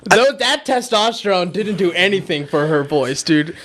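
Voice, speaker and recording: A man's voice: sits high, expressive, normal speed, a bit bright. A man, a comedian guest, throwing in crude jokes and laughs in casual chat. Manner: crude joking reactions, laughs.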